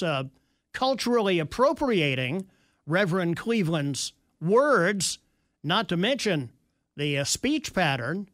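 Wry, high-voiced radio host. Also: male voice, a bit bright, dry recording, studio quality. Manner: wry, sarcastic asides. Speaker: radio talk show host. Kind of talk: talk radio, reading listener texts.

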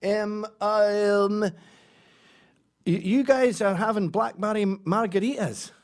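A man voicing a mild, confused Scottish man who asks polite, halting questions in a Scottish accent. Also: high-pitched, voice pushed up. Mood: feigned confusion.

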